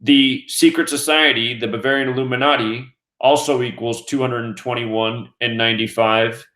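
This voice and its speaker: A man from the United States hosting a news commentary show, giving an earnest, steady, scripted monologue. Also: mid-range voice, normal speed. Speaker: host of a conspiracy news channel. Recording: roomy echo.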